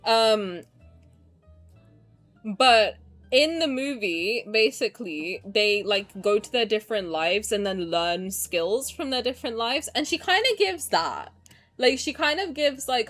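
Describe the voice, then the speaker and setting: A young woman streamer excitedly commenting on a game playthrough, swearing and laughing often. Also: a little high, unhurried, soft background music.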